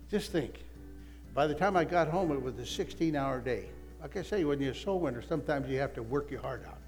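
An older man, a literature evangelist, telling a lively personal testimony story that swings between excited outbursts and hushed asides. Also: medium pitch. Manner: animated storyteller, voices his wife and prayers, excited swings. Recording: long hall reverb, faint music.

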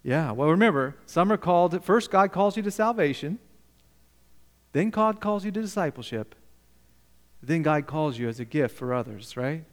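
High-voiced preacher in an echoing hall. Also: male voice, animated, moderate pace. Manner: emphatic, questions the congregation, swings between loud and quiet. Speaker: pastor. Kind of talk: sermon.

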